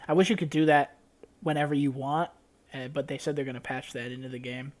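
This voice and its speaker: A man's voice: mid-range voice, level tone, a little fast. A young man, a podcast co-host, chatting casually and animatedly, swearing freely as he recaps. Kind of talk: casual chat.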